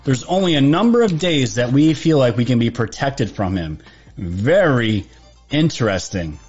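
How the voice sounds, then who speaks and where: A man with a mid-range voice hosts a live stream, chatty and animated as he talks to his viewers. The sound is slightly dull and lo-fi, with faint music underneath. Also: medium pitch, moderate pace. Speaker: livestream host. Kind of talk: live political commentary stream.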